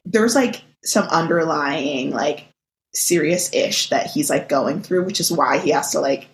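A woman's voice: deep voice, measured pace. A woman co-hosting a podcast in casual chat, rambling with many fillers and restarts over a video call. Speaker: podcast co-host.

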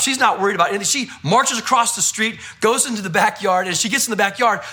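A male pastor preaching a sermon, telling stories in an animated way and repeating phrases for emphasis. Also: sits high.

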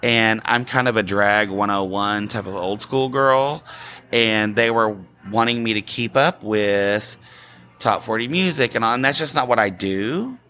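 A man's voice: fairly low pitch, measured pace, pushed and bright. A man who is a longtime drag performer, talking casually in an interview and acting out the greetings he gives people. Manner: chatty, acts out quoted greetings.

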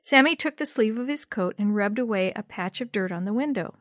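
A woman's voice: mid-range voice, lively intonation, brisk, no room sound, clean studio sound. Woman reading a children's story aloud. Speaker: narrator. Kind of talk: storybook read-aloud narration.

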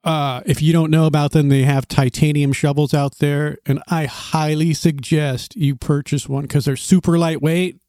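A man with a fairly high voice tells an outdoor story in loose, rambling chat, doubling back and laughing as he goes. The sound is dry and close, with no room around it. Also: steady tone, normal speed, hardly any pauses, dark tone, dry recording. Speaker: podcast co-host telling trail stories. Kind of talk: casual chat.

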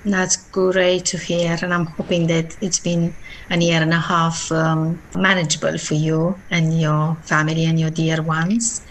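A woman hosting a podcast interview, speaking in a measured, polite way with frequent fillers. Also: low-pitched, little pitch movement, slight background noise. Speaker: podcast host.

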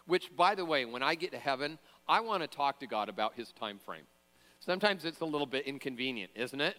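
Bright-voiced pastor preaching in a reverberant hall. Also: male voice, a little high, animated, fast talker. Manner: conversational, joking asides, frequent fillers and restarts. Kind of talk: sermon.

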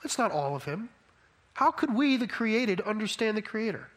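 A man with a notably high voice delivers a sermon in a relaxed, conversational way. He keeps checking in with his listeners as he explains his point. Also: normal speed. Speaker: preacher.

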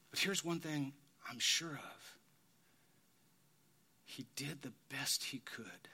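A middle-aged man preaching a sermon in a slow, heartfelt way, sometimes dropping to a whisper. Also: medium pitch, pushed and bright, slightly rough. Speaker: pastor.

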